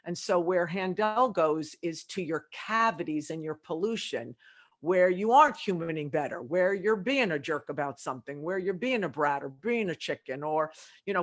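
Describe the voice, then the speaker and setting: Speaking at normal speed in a fairly low voice, a middle-aged woman who consults on leadership is interviewed for a podcast. Her stories are lively, and she voices the dialogue of the conversations she describes.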